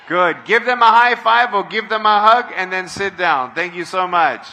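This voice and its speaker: A middle-aged man giving a motivational speech to a large crowd at an outdoor event, leading call-and-response and often shouting. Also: high voice, normal speed, slight background noise. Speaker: motivational speaker.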